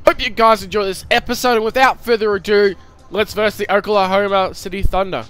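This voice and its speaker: Man, gaming YouTuber, high-pitched, bright and sharp tone, excitable play-by-play cheering, casual chat to viewers. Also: brisk, clean tone. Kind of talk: live gameplay commentary.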